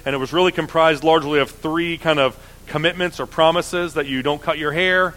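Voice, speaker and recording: Higher-voiced man preaching on scripture. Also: fairly even intonation, a bit bright, low-quality recording. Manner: reads scripture then explains it in a casual, halting way. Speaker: pastor. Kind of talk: sermon with scripture reading.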